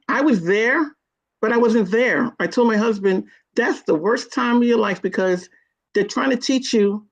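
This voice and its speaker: Woman telling a gravelly personal story. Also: mid-range voice. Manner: earnest, retells her own quoted words with rising intensity. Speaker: guest sharing her kidney disease story.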